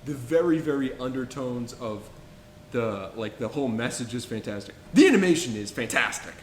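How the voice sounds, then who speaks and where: A man's voice: mid-range voice, animated, moderate pace, slight background noise. Enthusiastic young man in an echoey room. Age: young adult. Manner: enthusiastic, rambling with restarts. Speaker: podcast co-host. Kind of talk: casual film-review chat.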